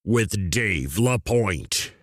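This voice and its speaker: A man's voice: on the low side, animated, extremely slow. A man reading a scripted show intro in a dry, mock-grand way. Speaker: show announcer. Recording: voice over loud guitar music.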